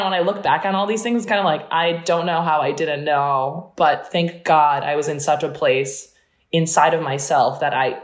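A young woman from New Jersey, an athlete, tells her story in a rush of words, peppered with "like" and quick laughs. Her voice sits a bit low, and the room gives it a noticeable echo. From New Jersey, USA. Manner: fast-talking, animated, full of "like" and laughter. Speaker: Olympic fencer, interview guest. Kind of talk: casual storytelling interview. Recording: roomy echo.

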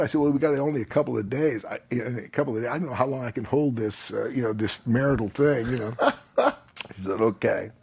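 A man's voice: medium pitch, darkish tone. A man as a podcast guest, telling a long personal story in a loose, rambling way with lots of fillers, often laughing as he talks. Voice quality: husky. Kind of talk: relaxed storytelling.

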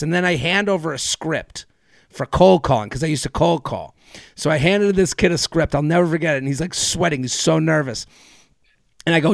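A man in his thirties hosts a casual podcast, his fairly high voice carrying a gravelly edge. He tells stories in a loose, rambling way, restarting his sentences. The sound is dry and close to the mic. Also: brisk, dry recording. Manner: rambling, animated storyteller with frequent laughs and restarts. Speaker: podcast host. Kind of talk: casual podcast chat and storytelling.

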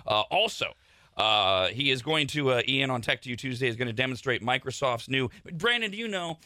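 A man's voice: mid-range voice, expressive, fairly quick, bright, forceful tone, no echo. A man hosting a talk radio show, explaining things bluntly and with opinion, on a studio microphone.

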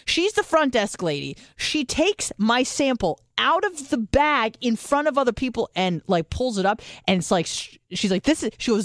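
A woman's voice: fairly high pitch, normal speed, hardly any pauses, no echo, studio quality. A woman co-hosting a podcast, telling a story in casual comedic style, swearing freely and acting out both sides of the dialogue. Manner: animated, profane, acts out both sides of dialogue. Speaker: podcast co-host.

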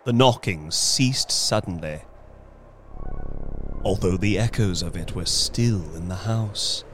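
A man narrating a horror story in a slow, hushed, suspenseful dramatic reading. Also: low voice, over music.

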